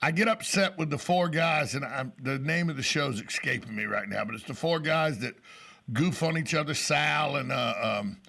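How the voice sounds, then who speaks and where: A man's voice: fairly high pitch, animated, moderate pace, creaky, pushed and bright. A man in his forties hosting a radio talk show, chatting casually and telling self-mocking stories with jokes. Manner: joking, storytelling, self-mocking. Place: radio studio.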